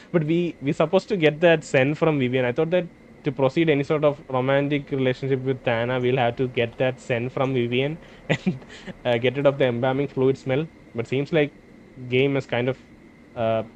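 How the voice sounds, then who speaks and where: A man playing a role-playing game, reading its dialogue aloud and thinking out loud between lines. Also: mid-range voice, a little hiss or hum. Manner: hesitant, restarts and fillers, reads dialogue in plain voice. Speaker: gameplay streamer.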